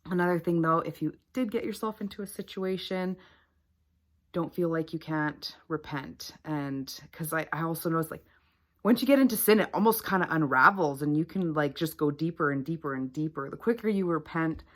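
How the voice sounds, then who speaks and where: Low-voiced woman sharing a faith testimony. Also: normal speed. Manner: earnest, chatty, many fillers. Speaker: faith vlogger. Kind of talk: personal testimony to camera.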